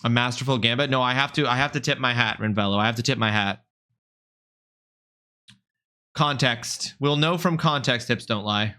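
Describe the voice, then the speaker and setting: Bright, animated male streamer. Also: medium pitch, a little fast, smooth. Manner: animated, mock-indignant, swears freely, talks straight to chat. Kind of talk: casual live-stream chat with viewers.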